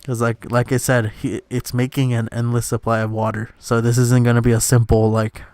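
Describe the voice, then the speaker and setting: Young man, game commentary, jokey, rambling, mid-pitched voice. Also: completely flat delivery, a little fast, darkish tone, no room sound. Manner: jokey, rambling, laughs often. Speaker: let's play host. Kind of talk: casual gameplay commentary with comic voice-overs.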